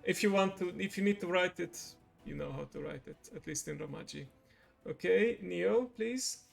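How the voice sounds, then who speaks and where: A man with a somewhat high, gravelly voice leads a relaxed online lesson. He talks patiently and gently encourages his students. Soft music plays faintly behind him. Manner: patient, encouraging, explains slowly. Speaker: language teacher and stream host. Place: online voice call on a livestream.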